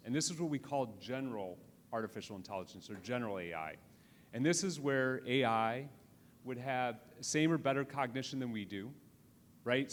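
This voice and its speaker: Man lecturing in a reverberant hall. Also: medium pitch. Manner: conversational, many restarts and "right?" tag questions. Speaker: conference speaker. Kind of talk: live conference lecture. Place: conference hall. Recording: reverberant hall with faint noise.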